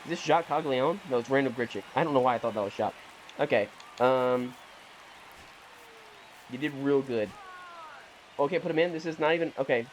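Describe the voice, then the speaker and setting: A man's voice: medium pitch, brisk, pauses often, a faint crowd, a little hiss or hum. A young man giving casual, rambling commentary over a video game, often correcting himself and sounding mildly exasperated. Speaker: gaming YouTuber.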